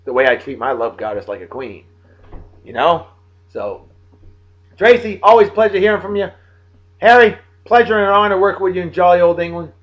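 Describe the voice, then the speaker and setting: A man in his late thirties from Massachusetts, hosting a casual video blog and giving playful, hearty birthday shout-outs to friends. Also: high voice, animated, moderate pace, pauses often, highs cut off. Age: late 30s.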